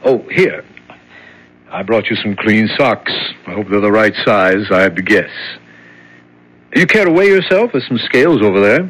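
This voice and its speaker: An actor playing a brisk, offhand prison guard in a 1970s radio drama. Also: male voice, on the low side, lively intonation, fairly bright tone, slightly rough, poor audio. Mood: breezy.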